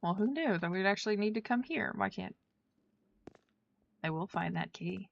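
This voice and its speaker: A woman's voice: mid-range voice, animated, moderate pace, gravelly, dull audio, slight background noise. A woman streaming a video game, chatting casually with her chat and her pet as she plays. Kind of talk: casual gameplay stream commentary.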